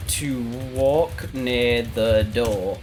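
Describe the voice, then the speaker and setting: A man streaming a text adventure game, reading it aloud and reacting with sudden loud outbursts. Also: medium pitch, very slow. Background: faint background music.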